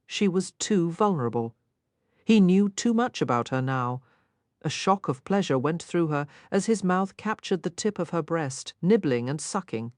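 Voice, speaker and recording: A woman narrating a romance novel with an intimate, expressive delivery. Her voice sits on the low side but moves through a lively range of pitch. The recording is dry and close, with no room at all. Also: dry recording. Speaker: audiobook narrator. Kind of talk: scripted narration.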